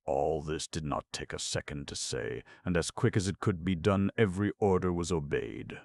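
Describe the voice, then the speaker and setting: Deep, gravelly male narrator for a classic melodrama audiobook, measured and dramatic. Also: dry recording, clean studio sound. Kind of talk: scripted narration of a melodrama novel.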